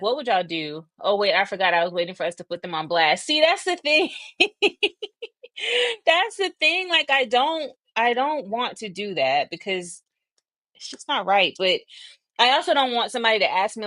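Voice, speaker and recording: A young adult woman hosting a casual livestream, chatty, thinking aloud and laughing often, a little breathy from asthma. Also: medium pitch, a bit bright, no echo. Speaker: livestream host.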